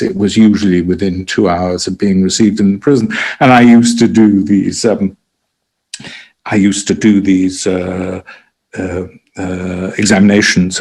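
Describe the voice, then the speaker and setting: A man's voice: fairly low pitch, a little mellow, rough recording. An older man, a former prison doctor on a podcast, telling stories hesitantly with frequent restarts and laughter. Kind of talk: conversational interview anecdotes.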